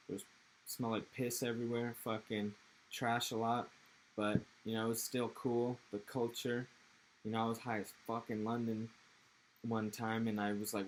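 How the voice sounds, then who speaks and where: A man's voice: fairly low pitch, slight background noise, rough recording. A young man from Texas with an American accent, chatting loosely in an interview with rambling, laid-back, profane slang. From Texas, USA. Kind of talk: casual interview chat.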